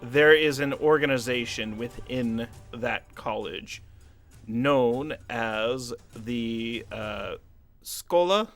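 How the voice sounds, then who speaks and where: A man running a tabletop role-playing game as game master, relaxed and playful. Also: medium pitch, very slow, soft background music.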